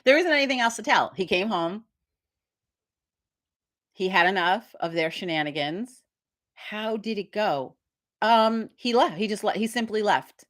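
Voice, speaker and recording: A woman's voice: medium pitch, animated, measured pace, long pauses, a bit bright. A middle-aged woman hosting a casual live stream, rambling and swearing as she tells a story with quoted voices. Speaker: host of a live witch community stream. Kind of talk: casual livestream chat.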